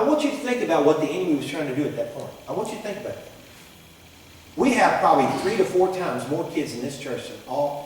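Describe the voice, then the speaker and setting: Pastor, middle-aged man, animated folksy sermon storytelling, slightly high voice, far from the mic in a reverberant church. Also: slight background noise. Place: church sanctuary. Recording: echoey hall, from far off.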